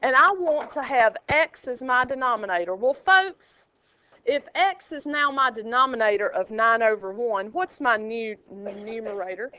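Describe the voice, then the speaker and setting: A woman's voice: fairly high pitch, expressive, a little slow, sharp tone, clean tone. A woman teaching a math class, chatty and playful with sing-song asides. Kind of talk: classroom lecture. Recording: dull lo-fi classroom recording.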